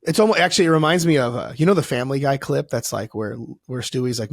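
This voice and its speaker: Male podcast guest, coach type; animated, profane, a bit high-pitched, close dry sound. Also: quick pace, few pauses, no echo. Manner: animated, swearing, acts out voices. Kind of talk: casual podcast conversation.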